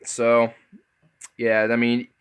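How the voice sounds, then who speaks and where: A man's voice: monotone, drawn-out words, smooth. Sarcastic swearing young man rambling. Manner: profane, sarcastic, jumps to loud high outbursts and laughs. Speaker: vlogger. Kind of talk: casual rambling vlog commentary.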